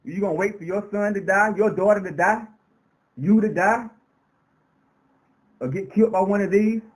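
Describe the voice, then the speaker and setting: A man's voice: high-pitched, moderate pace, rough recording. A man speaking as an interview guest on a radio show, talking in an impassioned, preacher-like way. He repeats words for emphasis and builds long runs of rhetorical questions. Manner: repetitive, emphatic phrasing.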